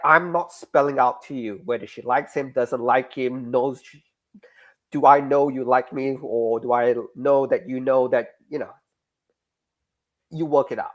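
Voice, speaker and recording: A man being interviewed about his comics, talking in a lively, casual way with frequent restarts. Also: medium pitch. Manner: animated, restarts mid-sentence. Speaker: guest comics creator.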